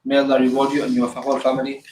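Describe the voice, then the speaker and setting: A man announcing donations at a fundraiser and briskly blessing each donor. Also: mid-range voice, monotone, darkish tone, a little hiss or hum. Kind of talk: reading out donations. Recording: echoey room.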